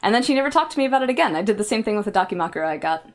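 A woman's voice: medium pitch, animated, racing, faint music behind. A young adult woman streaming casual chat, sarcastic and rambling, laughing between jokes. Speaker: VTuber streamer.

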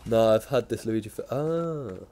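A man's voice: lowish voice, lively intonation, measured pace, warm tone, a little hiss or hum. A man with a chesty cough, chatting casually while streaming a game and greeting viewers. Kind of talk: casual gaming chat.

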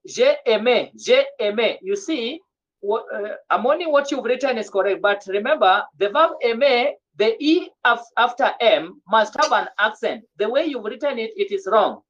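A woman teaching a French grammar lesson in an online class, often repeating and restarting her words. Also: a little high. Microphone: video call. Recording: dull lo-fi video call audio.

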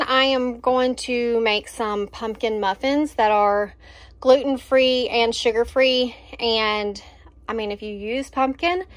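A woman's voice: on the high side, fairly bright tone, no room sound. A woman, chatting casually and enthusiastically about her groceries, with lots of fillers. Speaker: vlogger showing a grocery haul. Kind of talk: casual chat.

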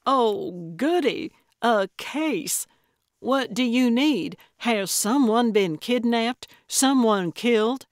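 A woman voicing an excitable, eccentric older female amateur sleuth in an audiobook, gleeful about crime. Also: mid-range voice, slow, dry recording, clean studio sound. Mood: eager. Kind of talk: audiobook character voice.

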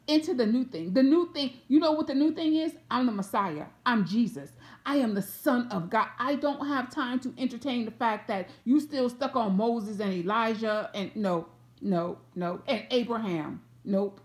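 A woman's voice: fairly high pitch, normal speed. A woman from Atlanta with a Southern accent, preaching an informal prophetic word to camera and acting out the people in the story. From Atlanta, USA. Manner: animated, repeats phrases, acts out voices of people in the story.

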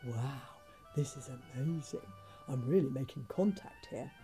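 A woman's voice: medium pitch, huge pitch swings, fairly quick, vocal fry, darkish tone, soft background music. A woman voicing a shy, earnest young Viking boy who mumbles in a storybook reading. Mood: awed hush. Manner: mumbled, slightly impatient.

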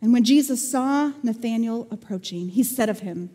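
High-voiced woman preaching in a reverberant hall. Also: normal speed, hardly any pauses, mellow. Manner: humorous storytelling, playful sarcasm. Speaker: pastor. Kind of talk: sermon. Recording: long church-hall reverb.

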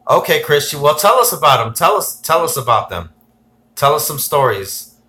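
Male livestream host with a bright, forceful voice. He reads chat comments aloud in an excitable, rambling way. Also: on the high side, normal speed. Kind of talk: casual livestream chat reading viewer comments.

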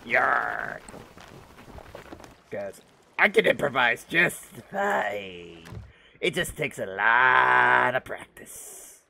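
Bright-voiced man streaming a game. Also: mid-range voice, lively intonation, slow pace, creaky. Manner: chatty, thinks aloud, self-mocking. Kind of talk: casual gameplay commentary.

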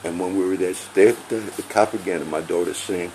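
A man's voice: low-pitched, steady tone, brisk, warm tone, a little hiss or hum, rough recording. A man angrily ranting about police to his audience, heated and profane, often repeating himself. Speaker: vlogger. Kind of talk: angry personal rant to camera.

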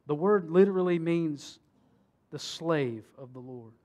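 Man, pastor, sermon, fairly high voice, emphatic then hushed, rhetorical questions. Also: expressive, unhurried. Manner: preaching with rising emphasis and hushed solemn stretches.

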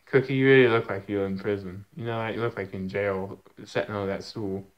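A man's voice: lowish voice, steady tone, a little fast, lo-fi sound. Man scolding his cats, stammering. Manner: scolding, teasing, stammering restarts. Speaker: cat owner talking to his cats. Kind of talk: casual talk to pets.

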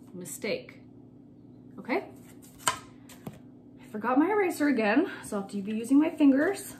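A woman's voice: mid-range voice, a little hiss or hum. Patient woman teaching a phonics lesson. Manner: patient, repeats key words slowly. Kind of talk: recorded phonics lesson for children.

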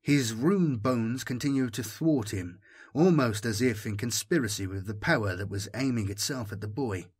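A male audiobook narrator with a husky, breathy tone at a middling pitch. He reads in a steady, even storytelling manner.

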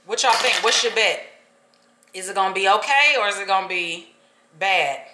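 A woman's voice: medium pitch, normal speed, noisy background. A woman in her thirties vlogging at home, chatting loosely and rambling. She swears freely and calls her viewers "y'all". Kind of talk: casual chat to camera.

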